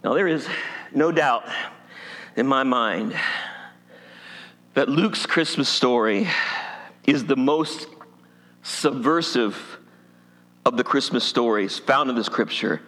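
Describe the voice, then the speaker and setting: A man's voice: mid-range voice, slow pace, long pauses, fairly bright tone. A male pastor from Appalachia preaching a sermon in a church, folksy and humorous. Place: church sanctuary. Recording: long hall reverb.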